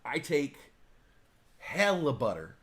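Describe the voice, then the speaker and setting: A man hosting a live talk stream, chatting casually in a rambling, excitable, profane way. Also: medium pitch, takes it slowly. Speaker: talk show host. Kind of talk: casual chat.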